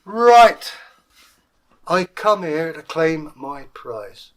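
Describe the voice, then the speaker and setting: A man putting on a shouting, hot-tempered little dwarf. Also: on the high side, lively intonation, takes it slowly, heavily acted. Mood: demanding. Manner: shouting, indignant. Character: small angry male dwarf, boastful, hot-tempered.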